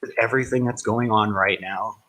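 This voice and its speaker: A man's voice: fairly low pitch, steady tone, fairly quick, bright, forceful tone, poor audio. A man live-streaming a game, chatting casually and greeting viewers, rambling and correcting himself as he goes. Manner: rambling, with frequent self-corrections; friendly, greets viewers by name. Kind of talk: casual live-stream chat while playing.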